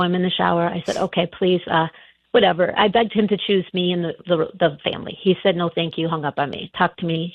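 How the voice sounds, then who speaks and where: A middle-aged woman with a lowish voice calls in to a radio show by telephone. She tells her story hesitantly, restarting often, over a tinny phone line with no room sound.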